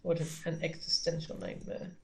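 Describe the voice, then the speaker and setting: A man's voice: a little high, completely flat delivery, normal speed, creaky, dark tone. A man playing a tabletop game, bossy and firm with his party. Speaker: player.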